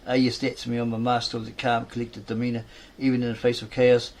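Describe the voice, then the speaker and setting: A man reading the lines of a calm, composed young actress who soothes an angry rival. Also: medium pitch, a little hiss or hum, lightly acted. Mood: soothing. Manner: measured, soothing.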